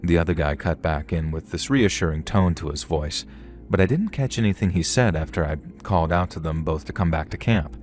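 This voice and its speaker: Male horror narrator, deep low voice, steady scripted storytelling. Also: fairly quick, soft background music.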